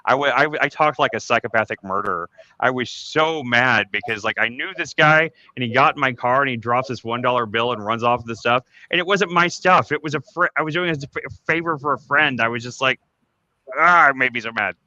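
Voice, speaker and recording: The forties-aged host of a casual group podcast talks fairly quickly with few pauses, his medium-pitched voice bright and forceful in a dry recording with the highs cut off. His storytelling is candid and rambling, full of restarts, and he swears freely whenever he gets worked up reliving his anger.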